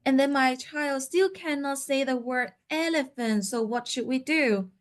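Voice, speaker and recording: A woman's voice: a little high, unhurried. A woman teaching a seminar for parents, explaining step by step with many fillers and acting out what parents and children might say.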